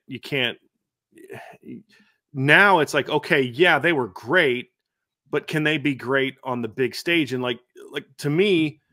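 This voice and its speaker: Fast-talking man breaking down football stats. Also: medium pitch. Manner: animated, reels off stats, frequent restarts. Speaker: podcast host. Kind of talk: sports analysis chat.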